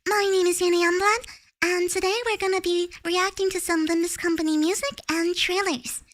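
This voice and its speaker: Woman doing a sugary cutesy streamer girl, very high, breathy, bubbly. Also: flat delivery, normal speed, fairly bright tone, dry recording, studio quality. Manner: sweet, bubbly greeting.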